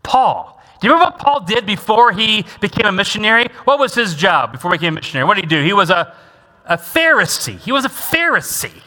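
This preacher talks fast and very animatedly in a high, sharp-toned voice. Leading his congregation in the sanctuary, he drives home key lines and has them said back to him, the big church hall ringing with long reverb.

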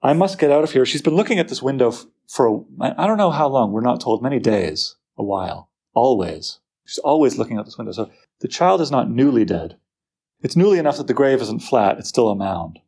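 A man lecturing on a poem, lively and full of rhetorical questions to his listeners. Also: medium pitch, a little fast, breathy edge. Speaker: literature teacher.

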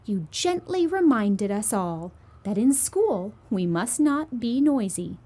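A woman's voice: medium pitch, very animated, slow pace, dark tone. Cooing townsfolk, read by a woman. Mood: admiring. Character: a crowd of townsfolk, delighted and admiring.

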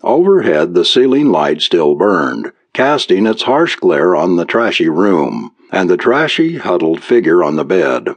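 A man reading a story aloud as audiobook narrator, measured and expressive. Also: deep voice, creaky, lo-fi sound.

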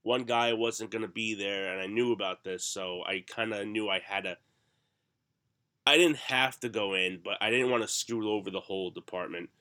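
A middle-aged man with a raspy, hoarse voice from the flu, coughing now and then as he tells rambling, self-mocking stories in casual chat as a podcast co-host. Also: on the low side, normal speed, sharp tone.

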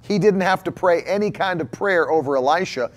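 A man's voice: sits high, brisk. A male preacher delivering a sermon emphatically, repeating key phrases and posing rhetorical questions to the congregation.

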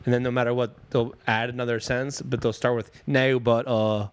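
A man's voice: medium pitch, flat delivery, fast talker, clear, resonant tone. A man bantering casually on a podcast, loose and profane, from Pennsylvania. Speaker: podcast co-host. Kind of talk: casual chat.

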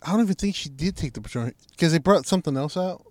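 A man's voice: a little high, animated, fast, darkish tone, no room sound. Laid-back storytelling man, dry sound. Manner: laid-back, swearing, quoting others in his stories. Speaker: podcast co-host. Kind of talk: casual storytelling chat.

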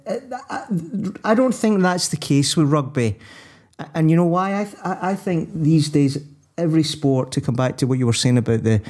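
A man's voice: mid-range voice, a little mellow. A man co-hosting a sports podcast, rambling and restarting as he thinks aloud. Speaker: podcast co-host. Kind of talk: casual sports chat.

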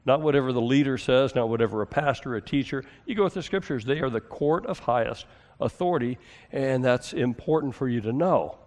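A man preaching a sermon as a pastor, conversational, asking the congregation questions and moving between emphatic and hushed delivery. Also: medium pitch, animated, fairly quick.

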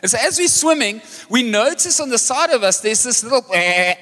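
A man preaching a sermon as pastor, animated and joking as he tells a story. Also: very high-pitched, brisk. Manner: energetic, animated storytelling with jokes. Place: large church hall. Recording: live church hall reverb with music.

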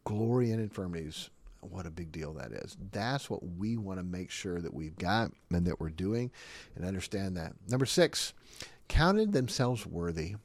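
A man preaching a sermon, emphatic and animated, often laughing between his points. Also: low voice, normal speed, no echo. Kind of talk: sermon teaching.

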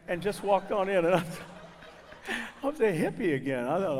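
An older man speaks to a gathering, spinning folksy, funny stories and acting out every character. His voice sits fairly high for a man. A long reverb trails each word, as in a large hall. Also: unhurried, slight background noise. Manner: folksy, animated, acts out voices. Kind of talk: humorous storytelling talk.

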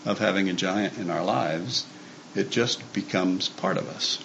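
A man's voice: on the low side, moderate pace, muffled recording, a little hiss or hum. A man giving an informal sermon to a church staff group, conversational and full of fillers and restarts. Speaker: church speaker.

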